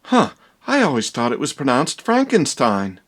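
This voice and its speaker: A man voicing a young woman fiancée in a sing-song falsetto, sweet but shallow. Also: huge pitch swings, normal speed. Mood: teasing.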